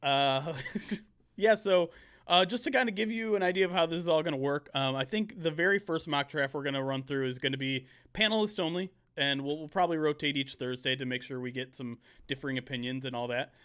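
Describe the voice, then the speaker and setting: A man hosting a live video stream, talking casually with lots of fillers and quick bursts, speaking through a video call mic. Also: on the high side, a bit bright, clear, resonant tone. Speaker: host.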